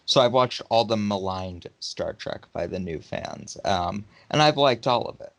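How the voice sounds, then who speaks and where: Low gravelly man, hesitant. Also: lively intonation, a little slow, a bit bright. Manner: hesitant, with fillers. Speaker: podcast co-host. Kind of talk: casual chat.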